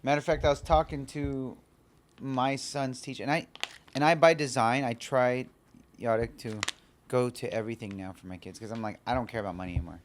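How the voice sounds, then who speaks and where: A man's voice: medium pitch, fairly even intonation, moderate pace, a little hiss or hum. A man hosting a podcast, chatting casually and eagerly agreeing with his guest. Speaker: podcast host. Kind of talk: casual chat.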